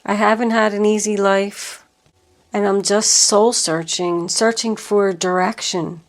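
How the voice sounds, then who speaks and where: A woman voicing a gentle young male deer in a storybook tale, pleading softly. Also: medium pitch, fairly even intonation, measured pace, close to an everyday voice. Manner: soft, pleading.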